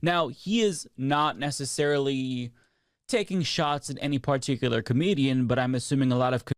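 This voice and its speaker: A man's voice: mid-range voice, moderate pace, no echo. Opinionated male commentator, blunt and profane, very dry close mic. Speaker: political commentator. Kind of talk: video commentary on news.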